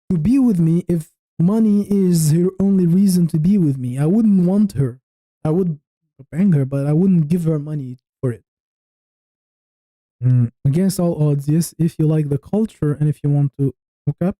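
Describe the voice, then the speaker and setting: A man's voice: fairly high pitch, moderate pace, mellow, no echo, low-quality recording. A man in his thirties from Tunisia, a livestreamer chatting casually with viewers in a frank, rambling way, often restarting his sentences. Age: 30s. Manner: frank, rambling, thinking aloud with many restarts. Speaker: YouTube livestreamer.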